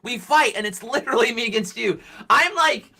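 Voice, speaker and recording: Bright-voiced excitable woman streamer. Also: on the high side, brisk, creaky, husky. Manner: excitable and gushing, calls people dude. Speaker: live stream host. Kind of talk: live reaction stream chat.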